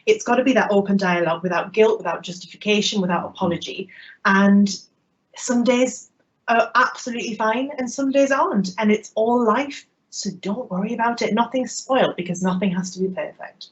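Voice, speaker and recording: Sex: woman. Style: humorous keynote storytelling. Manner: lively, self-mocking. Pitch: mid. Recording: muffled, lo-fi online audio. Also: brisk. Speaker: keynote speaker. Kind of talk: humorous personal storytelling talk.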